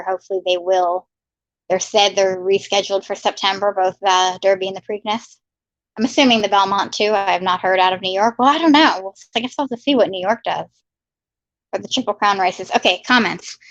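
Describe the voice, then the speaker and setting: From her home in Maryland, a woman hosts a casual livestream, chatting and reading viewer comments aloud with upbeat greetings. Her voice is medium in pitch and fairly bright, with no echo, though the lo-fi audio sounds dry and a bit muffled.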